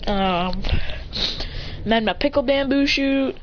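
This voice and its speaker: A storyteller voicing a cheerful female ramen shop worker who lists items with hesitant pauses, on a dull lo-fi recording. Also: medium pitch, noisy background, close to an everyday voice. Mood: helpful. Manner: listing items with hesitant ums.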